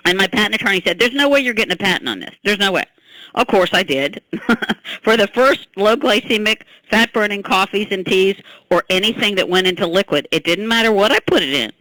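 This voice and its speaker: An older woman scientist, an interview guest telling how she invented a product, emphatic and animated, laughing and tossing in "okay?". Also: mid-range voice, no echo, low-quality recording.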